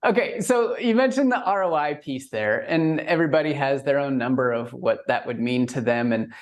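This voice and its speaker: Man, podcast host, conversational, question-framing, medium pitch. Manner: conversational, frames questions, quick affirmations. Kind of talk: casual interview.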